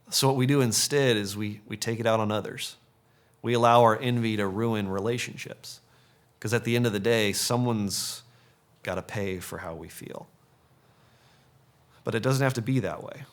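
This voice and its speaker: A man preaching a sermon as pastor, earnest, stacking short punchy phrases and dropping to a soft, low voice on key points.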